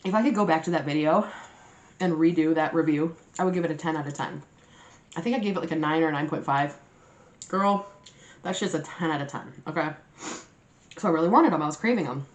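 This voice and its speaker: A young woman vlogger chatting casually to her viewers, telling a story in a lively, animated way and swearing freely. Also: low voice, a little fast, pauses often. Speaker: mukbang vlogger. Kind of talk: casual storytime chat to camera. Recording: roomy echoey room.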